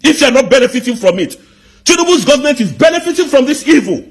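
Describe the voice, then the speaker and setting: Furious high-voiced Nigerian man ranting. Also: big pitch swings, fast talker. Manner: indignant, repetitive rhetorical questions. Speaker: commentator. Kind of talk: angry political rant.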